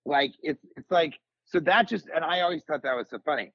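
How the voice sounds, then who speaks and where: Comedian guest, man in his forties, a bit high-pitched, rambling animated storyteller on a dry, dull podcast mic. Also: brisk, husky, dry recording. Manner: rambling, animated storyteller, jumps into high comic voices for quotes. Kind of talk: casual podcast chat.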